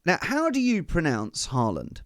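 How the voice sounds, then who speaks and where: Male podcast host, casual chat, playful, animated pitch, dry close sound. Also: dry recording. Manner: chatty, playful, quick to laugh.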